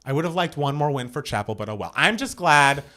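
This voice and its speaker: A young man co-hosting a live stream, gushing and animated as he chats about an awards show. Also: a little high, a little fast. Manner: gushing, animated, reads out viewer comments. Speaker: podcast co-host. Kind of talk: excited live-stream chat.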